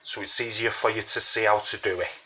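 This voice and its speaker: A man with a lowish, fairly flat voice hosts a casual origami tutorial, talking briskly and sharply through each fold while sucking on a mint. He's chatty, keeps saying "you know what I mean," and fills his speech with fillers, and there's a faint hiss or hum on the recording.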